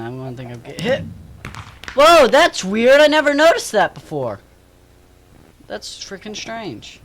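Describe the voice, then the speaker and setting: A male gaming host giving excitable play-by-play commentary, muttering low asides and breaking into shrieks and yells at tense moments. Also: a little slow, long pauses, soft background music. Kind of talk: gameplay commentary.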